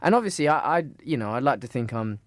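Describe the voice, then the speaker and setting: A man's voice: medium pitch, lively intonation, quick pace, no room sound. Rambling young man telling a story. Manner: rambling storyteller with many fillers and restarts. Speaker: podcast co-host. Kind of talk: casual chat.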